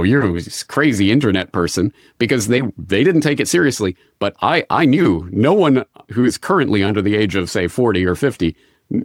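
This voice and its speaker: A middle-aged man from North America answering interview questions in a measured way, often restarting his phrases. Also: on the low side, no echo. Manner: measured, restarts phrases, occasional dry laugh. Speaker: interview guest.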